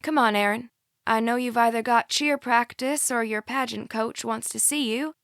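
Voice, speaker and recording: A woman's voice: fairly high pitch, normal speed, a bit bright, dry recording, clean studio sound, voice pushed up. A woman voicing a nervous, fragile mother with a Georgia drawl who talks in a polite, strained way, in an audiobook.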